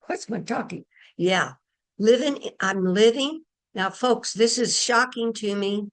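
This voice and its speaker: Slow-talking woman leading a spiritual group. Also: mid-range voice. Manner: earnest, meandering, with pauses and restarts. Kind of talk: spiritual talk to an online group.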